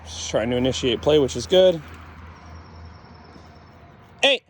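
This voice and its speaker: A man's voice: mid-range voice, expressive, fairly quick, a little mellow, slight background noise. A man working as a dog trainer, talking through a session outdoors in a blunt, matter-of-fact way. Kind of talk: casual explanatory commentary while training.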